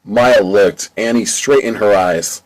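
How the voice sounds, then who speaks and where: A man's voice: lowish voice, slow, rough recording. Casual amateur male audiobook narrator. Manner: plain, casual storytelling. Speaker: audiobook reader. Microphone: home mic.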